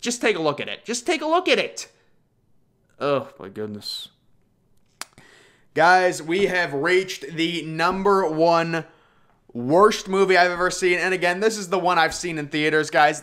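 Man, slightly high voice, casual commentary, exasperated, rambling, lots of restarts. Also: a bit bright, clear, resonant tone. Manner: exasperated, rambling, many restarts and mock quotes. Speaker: movie reviewer. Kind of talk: casual ranked-list commentary.

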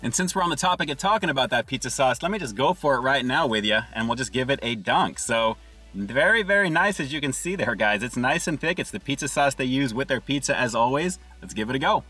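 A man's voice: medium pitch, lively intonation, fast talker, bright, forceful tone, breathy edge, soft background music. A man doing an upbeat casual food review from inside a parked car, calling his viewers "guys" and chewing between lines.

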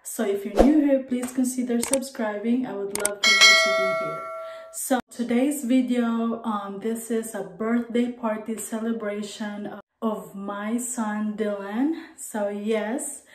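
A chatty Filipino woman with a fairly high voice talks slowly in her family vlog, repeating words for emphasis. Her speech carries a Filipino accent shaped by Cebuano. The room rings with echo while music plays clearly behind her. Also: fairly even intonation, very noisy. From Philippines. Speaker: family vlogger. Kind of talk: casual vlog chat.

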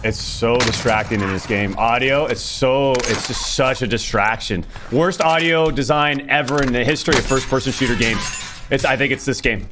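A man streaming a video game, ranting angrily with lots of swearing and shouting. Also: medium pitch, normal speed, noisy background. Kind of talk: live gameplay streaming.

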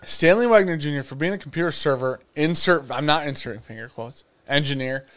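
A man's voice: fairly high pitch, fairly quick, a bit bright. A man co-hosting a live whiskey stream, joking and cursing in casual banter. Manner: joking, profane, teasing. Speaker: podcast co-host.

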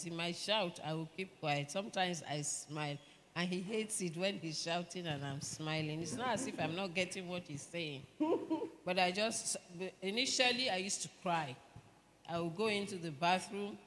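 A middle-aged woman with a Nigerian accent, gently telling her own story as a church panelist. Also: on the low side, a little hiss or hum. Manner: gentle, reflective storytelling with laughter. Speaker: pastor's wife, panelist. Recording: reverberant church hall, faint ambience.

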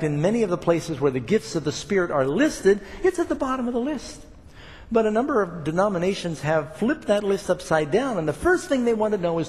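A man's voice: sits high, long reverb tail. An older man preaching a sermon, talking casually to the congregation and building up emphatic points. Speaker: pastor.

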